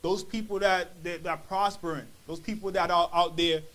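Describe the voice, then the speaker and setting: Brief: high-pitched man, church elder, loose street-style Bible commentary. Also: fairly even intonation, moderate pace, a bit bright. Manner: street-style paraphrasing, acts out quoted voices.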